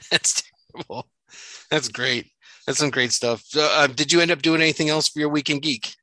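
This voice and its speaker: Bright-voiced joking podcast host, man. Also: a little high, normal speed, no room sound. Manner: laughs often, joking banter. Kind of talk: casual chat.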